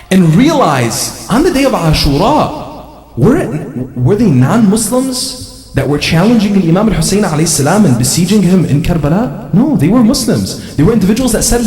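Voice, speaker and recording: A man's voice: high-pitched, a little mellow. A man delivering a sermon to a gathering, driving his points home with rhetorical questions and repeated phrases. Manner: rhetorical questions, repetition for emphasis. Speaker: religious speaker. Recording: echoey hall, voice from far off.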